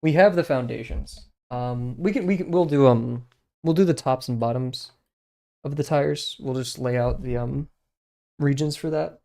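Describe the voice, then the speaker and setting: A man's voice: mid-range voice, moderate pace, gravelly, warm tone. A man streaming himself drawing, thinking aloud in a rambling, hesitant way with lots of fillers and small self-deprecating laughs. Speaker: streamer learning to draw.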